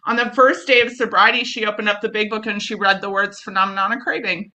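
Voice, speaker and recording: A middle-aged woman tells her recovery story candidly, bluntly, profanely and with self-mockery, acting out the people she quotes. Her mid-range voice holds a level tone, moving at a quick pace, bright and forceful.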